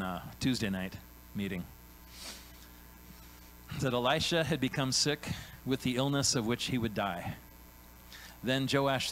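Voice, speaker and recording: A man preaching in a loose, chatty way, tossing in "right?" after his points and slipping into quick voices for the people he describes. His pitch sits right in the middle for a man. A faint hum runs under the recording. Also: a bit bright, poor audio. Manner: conversational preaching, frequent "right?" tag questions; acts out biblical characters in quick voiced asides. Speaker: pastor. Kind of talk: sermon.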